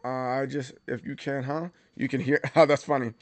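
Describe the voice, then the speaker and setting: A man's voice: medium pitch, flat delivery, moderate pace. A man hosting a livestream, chatting casually and animatedly, with many stammered restarts and bursts of mock outrage. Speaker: livestream host.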